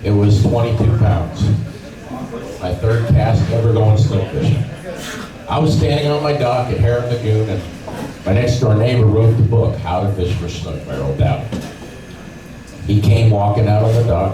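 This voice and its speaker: Man telling animated fishing stories, echoey room. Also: on the low side, normal speed, pauses often. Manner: animated storyteller, acts out voices and sounds. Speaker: fishing guide giving a club talk. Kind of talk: storytelling seminar talk. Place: club meeting room. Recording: echoey room from far off, noisy.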